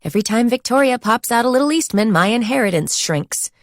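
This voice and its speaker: A woman's voice: a little high, animated, a little fast, no echo, studio quality, pitched above the performer's own voice. Breezy, sardonic rich college girl, read by a woman narrator. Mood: mocking. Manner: airy and dismissive.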